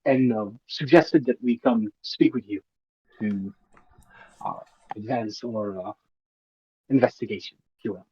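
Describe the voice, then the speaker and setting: A man, a player in a tabletop game, speaking in a measured, halting way. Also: medium pitch, breathy edge. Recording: dull, dry lo-fi mic.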